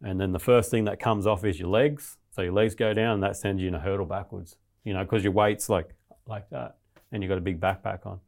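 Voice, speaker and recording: A man with a low, gravelly voice tells his story as an interview guest. He talks bluntly and rambles, swearing freely, with a rough fry under his words. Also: fairly even intonation, a little fast, darkish tone.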